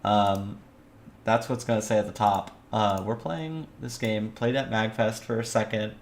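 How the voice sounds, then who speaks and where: A woman's voice: rumbling low, fairly even intonation, measured pace, darkish tone, slight background noise. Rambling, swearing woman streamer. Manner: rambling, profane, jokey asides. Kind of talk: casual let's-play chat.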